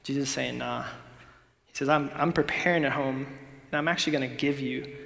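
A young man preaching a sermon in a laid-back, conversational way, sometimes dropping to a hush for emphasis. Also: medium pitch, fairly even intonation, brisk, vocal fry. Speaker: pastor. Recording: long hall reverb.

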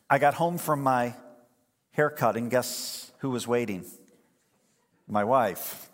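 A man's voice: medium pitch, slow, long pauses. Man, older, pastor, joking sermon delivery, church reverb. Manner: conversational, humorous storytelling. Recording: long hall reverb.

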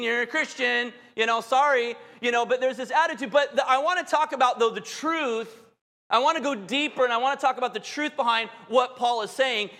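Man, sermon, very high voice, long hall reverb, candid and joking. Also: pushed and bright. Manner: candid, humorous, conversational preaching. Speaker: pastor.

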